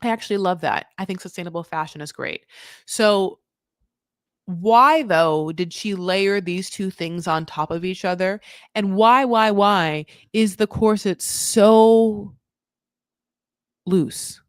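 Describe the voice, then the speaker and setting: A woman's voice: mid-range voice, slow pace, clean tone, no room sound, studio quality. A woman hosting a casual reality TV recap, chatty and swearing freely as she acts out what people said.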